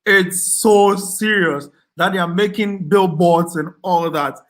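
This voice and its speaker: A man with a Ghanaian accent hosts a relaxed live chat, working through viewer comments and thanking people one by one. His voice sits a little higher than most men's, and he often pauses on ums and repeats himself. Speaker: livestream host reading viewer chat.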